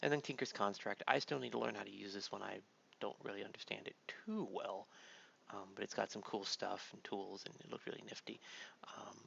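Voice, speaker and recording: A man's voice: lowish voice, fairly even intonation, fairly quick, creaky, a bit bright. A man hosting a casual gameplay video, rambling laid-back commentary full of fillers, sounding like a tired dad at his home computer. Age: adult father. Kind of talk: casual let's-play commentary. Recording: dull lo-fi mic with faint noise.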